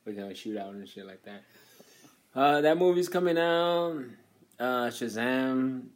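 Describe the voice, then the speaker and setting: A man in a casual movie chat, animated and ranting, with heavy swearing. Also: medium pitch, measured pace. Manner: animated, swears heavily, rants.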